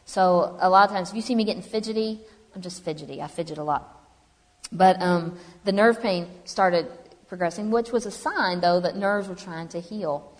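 A woman's voice: on the low side, moderate pace. Chatty woman in echoey hall. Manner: chatty, humorous, animated storytelling. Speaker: speaker telling her story. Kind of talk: personal testimony to a live audience. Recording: long hall reverb.

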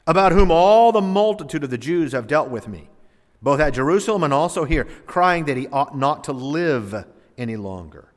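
A man preaching a sermon, reading scripture aloud and explaining it dramatically, swinging between loud emphasis and hushed asides. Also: a little high, expressive, normal speed. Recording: long reverb of a large hall.

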